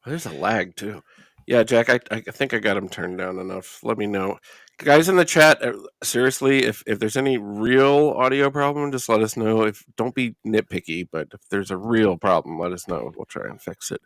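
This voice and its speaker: A man's voice: on the low side, normal speed, a bit bright, dry recording. A man hosting a live stream from a studio, joking with co-hosts and greeting the chat by name. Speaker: host. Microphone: studio mic.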